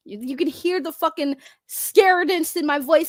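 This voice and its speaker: A woman's voice: high voice, sing-song, moderate pace, no echo, studio quality. A young woman hosting a livestream, ranting bluntly to her chat with constant swearing. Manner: blunt, heavy swearing, talks straight to chat. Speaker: livestream commentary host.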